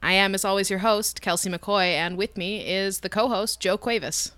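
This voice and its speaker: A woman's voice: medium pitch, normal speed, a bit bright, no room sound. A woman hosting a podcast, chatting casually with dry, teasing quips. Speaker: podcast host. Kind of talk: casual chat.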